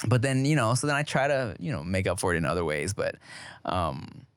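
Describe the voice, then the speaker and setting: A man's voice: deep voice, sing-song, fairly quick, clear, resonant tone, dry recording, clean studio sound. A man co-hosting a podcast in loose, slangy, rambling chat. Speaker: podcast co-host.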